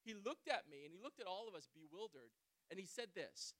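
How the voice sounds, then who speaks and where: A man preaching a sermon. He tells a personal story in an animated way, often checking in with listeners by asking "right?". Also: sits high, fairly quick. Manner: animated storyteller, swings between loud and quiet.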